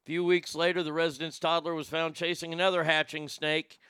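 A man's voice: a little high, flat delivery, a little fast, pushed and bright, smooth, dry recording. A man co-hosting a podcast, rambling through news stories in crude, profane, casual commentary. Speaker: podcast co-host.

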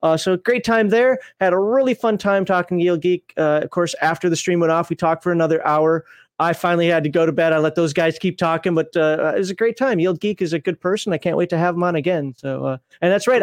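Male host with a high voice and a dry, close sound; rambling, jokey stream banter. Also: fairly quick, dry recording. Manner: rambling and joking, chuckling often. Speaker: podcast host. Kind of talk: casual live-stream chat.

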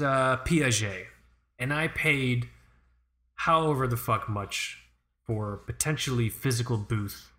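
Young male co-host, profane, animated rant, mid-pitched voice. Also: slow, long pauses. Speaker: podcast co-host. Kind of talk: casual chat.

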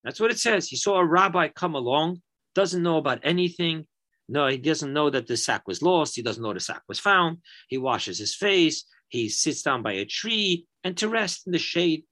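A man teaching a Torah lesson, an animated and emphatic storyteller. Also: fairly high pitch, normal speed.

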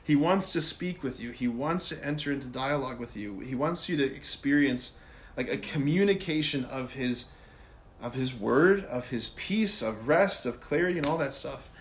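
A man giving an informal Catholic talk, animated and conversational, often laughing and asking "right?". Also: mid-range voice, normal speed, a little hiss or hum. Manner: laughs easily while talking. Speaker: Catholic speaker. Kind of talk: casual faith talk.

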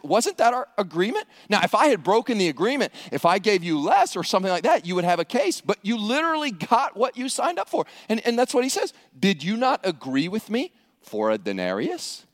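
A man's voice: sits high, big-room sound. A man preaching a sermon, acting out scenes with humor. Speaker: pastor.

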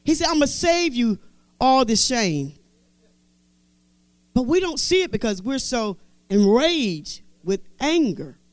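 High, lively woman preaching a sermon. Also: slow, pauses often, no room sound. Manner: emphatic preaching, repeating scripture phrases; conversational asides in casual speech. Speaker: Bible teacher.

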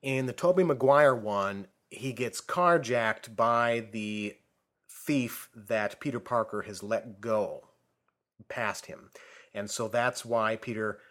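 A man in casual conversation, giving measured, slightly picky opinions about movies. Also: medium pitch, a bit bright. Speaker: co-host of a movie discussion. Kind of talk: casual chat.

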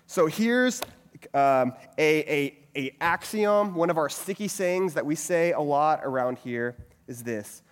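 A pastor teaches a group in a sermon-style talk, firing off rhetorical questions and repeating a catchphrase. His fairly high voice has lively intonation and a slightly slow pace. A hall's long reverb colors the recording.

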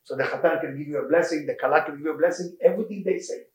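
Animated man teaching, echoey room. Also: a little high, racing. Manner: animated storytelling, non-native English with Hebrew terms. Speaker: rabbi teaching a class. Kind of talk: informal Torah class.

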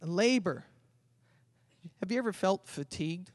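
A man preaching a sermon as pastor, swinging from loud emphatic calls to quiet conversational asides. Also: high-pitched, lively intonation, a little slow, no echo. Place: church sanctuary.

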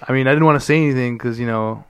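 A man's voice: medium pitch, very fast, slight background noise. A man hosting a podcast in casual chat, teasing his guest. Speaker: podcast host.

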